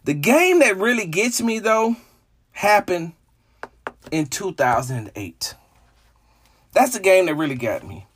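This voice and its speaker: A man hosting a solo sports show, talking in a dramatic, emotional way that jumps between hushed asides and shouting. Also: high-pitched, very animated, slow pace, pauses often, husky. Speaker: sports podcast host. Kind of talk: animated solo sports commentary.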